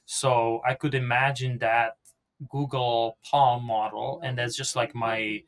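A man being interviewed as a podcast guest, explaining software in a loose, rambling conversational way. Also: mid-range voice, little pitch movement, slow pace. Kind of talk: casual technical interview talk.

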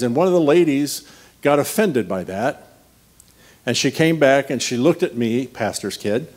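A man's voice: medium pitch, darkish tone. A man preaching a conversational sermon as a guest speaker, telling personal stories with a humorous, anecdotal manner. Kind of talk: storytelling sermon.

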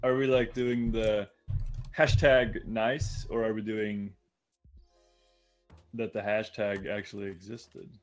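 A man's voice: lowish voice, flat delivery, a little slow, pauses often, a little mellow, soft background music. A young man in his twenties chatting casually on a stream and riffing on movie cliches. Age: 20s. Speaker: co-host on a dev stream.

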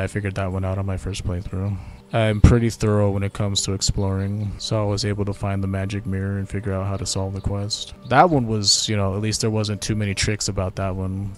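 Low-voiced man chatting over gameplay. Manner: relaxed, chatty, thinking aloud. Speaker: gaming channel host. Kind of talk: casual gameplay commentary.

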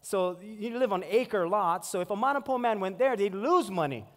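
Pastor, 40s, storytelling sermon, high pitch, reverberant sanctuary. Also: male voice, moderate pace. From Hawaii. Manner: storytelling, animated acted-out quotes. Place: church sanctuary. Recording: long hall reverb.

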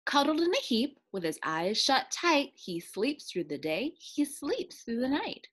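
Expressive woman reading a children's book. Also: high voice, slightly rough. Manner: sing-song, expressive, slowing for refrains. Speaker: storyteller. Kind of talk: children's read-aloud.

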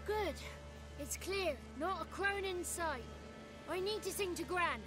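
A woman's voice: extremely high pitch, unhurried. A woman voicing a small grey godling boy who is chatty, cheeky and kind. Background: game music.

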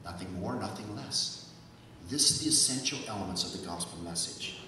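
A man's voice: fairly low pitch, expressive, moderate pace, bright, forceful tone, a little hiss or hum. A man preaching a sermon as pastor, asking rhetorical questions and repeating key words for emphasis. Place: church sanctuary. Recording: echoey church hall, from far off.

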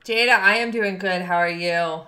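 A woman's voice: lowish voice, normal speed, bright, forceful tone, reverberant. A woman streaming a game live, chatting with her viewers, thanking them and laughing often. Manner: bubbly, reads and thanks chat, laughs often. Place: home room.

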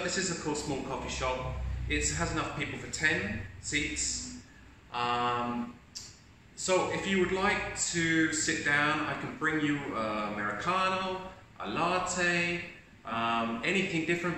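A man's voice: fairly high pitch, animated, a little slow, bright, forceful tone. Man doing an apologetic, polite barista. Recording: echoey room, distant mic, faint hiss.

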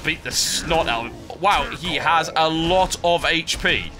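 A man giving sardonic, animated commentary over a video game he is playing. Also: a little high, a little slow, over music. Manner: sardonic, animated, wry complaints. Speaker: gameplay commentator. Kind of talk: let's-play commentary.

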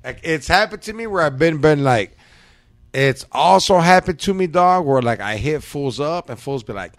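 Slangy man, lively pitch. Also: moderate pace, no room sound. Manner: slangy, profane storytelling. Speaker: podcast host. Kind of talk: casual chat.

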